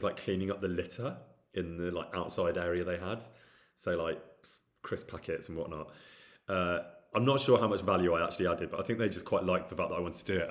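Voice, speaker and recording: A middle-aged man with a light Midlands accent, chatting casually and candidly as he answers viewer questions, with frequent ums and restarts. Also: low voice. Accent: light Midlands English. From England. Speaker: actor streaming with chat.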